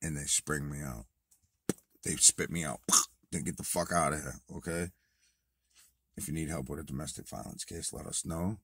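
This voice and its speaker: A deep-voiced man with a husky edge tells a rambling story straight to camera, swearing freely. He drops to a mutter, then bursts out loud. The sound is dry and close. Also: normal speed, long pauses, dry recording. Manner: profane, animated retelling, swings from muttered to shouted. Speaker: vlogger. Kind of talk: casual storytelling monologue.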